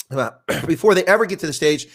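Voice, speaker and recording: A man's voice: on the high side, gravelly, fairly bright tone, breathy edge. Older man with a rambling storytelling manner. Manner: rambling storyteller, frequent restarts. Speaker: interview guest. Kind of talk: conversational interview.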